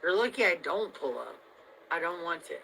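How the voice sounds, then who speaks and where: A woman vlogger venting to her viewers in a rambling, heavily profane monologue that swings between loud outbursts and low mutters. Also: animated, normal speed, vocal fry, slight background noise, low-quality recording.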